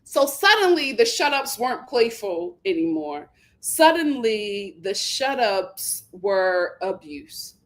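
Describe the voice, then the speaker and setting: A young adult woman hosting a reality TV recap, talking in an animated, sarcastic way and mocking the people she discusses. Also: medium pitch, takes it slowly. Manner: animated, sarcastic, mocking impressions, breaks into laughter. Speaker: commentary channel host.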